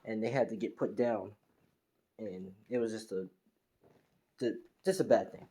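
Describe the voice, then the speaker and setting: A man's voice: on the low side, a little slow, warm tone, rough recording. A man casually retelling a fan-made story off the cuff, rambling with many fillers and restarts.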